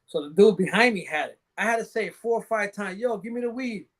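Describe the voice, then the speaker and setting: A man's voice: high voice, lively intonation, fast talker. A man on a podcast as a guest, telling rambling, profane anecdotes in casual chat and laughing along.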